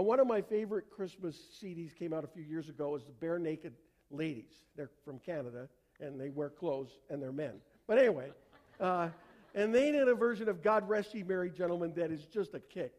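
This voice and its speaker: A man preaching a sermon in a conversational way, asking rhetorical questions and dropping to a quiet, slow voice for solemn passages. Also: sits high. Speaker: pastor.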